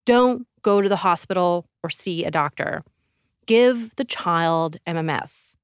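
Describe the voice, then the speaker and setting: A woman hosting a podcast, giving measured, dramatic scripted narration. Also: on the low side, animated, clear, resonant tone, dry recording, studio quality. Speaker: podcast host.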